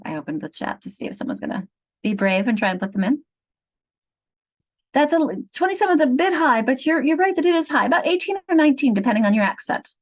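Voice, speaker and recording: A middle-aged woman with a slightly high voice explains phonics steps in a clear, patient teacherly way. She speaks over a video call to a small group of trainees. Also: sing-song, fast, rough recording. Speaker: literacy trainer. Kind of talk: online teacher training lesson.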